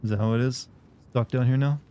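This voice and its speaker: A man's voice: medium pitch, fairly even intonation, brisk, dark tone, highs cut off, a little hiss or hum. A young man who streams games and rambles and jokes casually with his viewers. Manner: rambling, joking, chats with viewers. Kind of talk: casual live-stream chatter.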